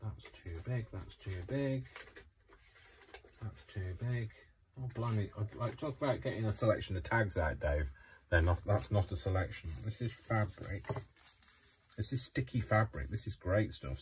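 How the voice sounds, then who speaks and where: A man with a low, deep voice chats aimlessly as he crafts at home. He is self-mocking, apologises a lot and jokes about himself. A faint hum sits under the recording. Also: lively intonation, a little slow, a little mellow. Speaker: craft vlogger. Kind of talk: casual chat while crafting.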